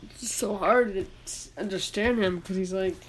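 A woman's voice: medium pitch, moderate pace, slight background noise. A woman in casual chat, telling a rambling story with lots of restarts about her tech class.

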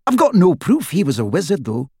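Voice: medium pitch, huge pitch swings, brisk, darkish tone, husky, dry recording, clean studio sound, voice pushed up, heavily acted. A reader voicing a plain-spoken teenage wizard schoolboy who gives short, blunt replies. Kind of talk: audiobook character voice.

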